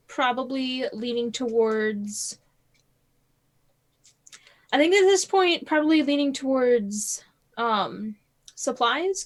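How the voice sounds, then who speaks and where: High-voiced, giggly woman gamer. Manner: laughs often, talks in fits and restarts. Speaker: player. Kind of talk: casual tabletop play chat.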